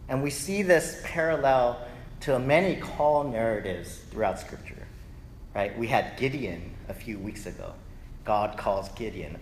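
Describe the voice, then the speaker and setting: A male pastor preaching a lively, conversational sermon that keeps checking in with the congregation. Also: mid-range voice, measured pace. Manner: animated, conversational, often asks "right?". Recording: echoey hall, faint noise.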